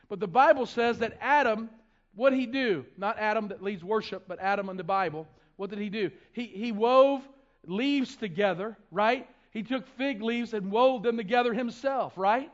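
A man preaching a sermon, retelling a testimony with quoted dialogue and asking the congregation rhetorical questions. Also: high voice. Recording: dull lo-fi recording.

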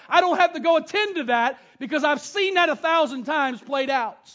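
High-voiced man preaching a sermon. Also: animated, moderate pace, few pauses, sharp tone. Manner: storytelling, reads scripture aloud and retells it. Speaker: pastor. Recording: dull lo-fi sound.

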